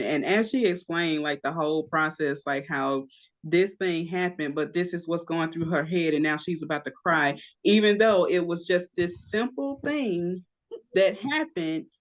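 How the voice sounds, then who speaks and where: A woman's voice: on the low side, unhurried, rough recording. A woman co-hosting a podcast in casual chat, talking in an emphatic, argumentative way. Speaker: podcast co-host.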